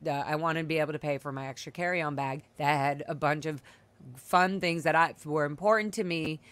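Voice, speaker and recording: A young woman hosts a video-call chat, speaking candidly and emotionally with many fillers and restarts. Her voice sits fairly low for a woman. The sound is dry and close, with no room echo. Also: steady tone, fairly quick, a bit bright. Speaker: podcast host. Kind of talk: casual chat, personal storytelling.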